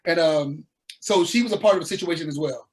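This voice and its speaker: A man from the American South, a musician guest telling his story in a laid-back, animated way with slang. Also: a little high, a little fast. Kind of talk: casual interview storytelling.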